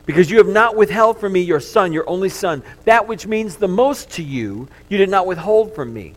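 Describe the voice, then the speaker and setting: A commanding divine voice, as a male pastor puts it on, making firm, measured pronouncements. The pitch sits slightly high for a man. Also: animated.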